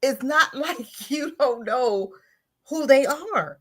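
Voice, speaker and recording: A woman hosts a casual talk radio show, animated and mocking, with frequent laughter between her points. Her voice sits fairly high and swoops widely up and down. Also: takes it slowly, slightly rough. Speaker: host.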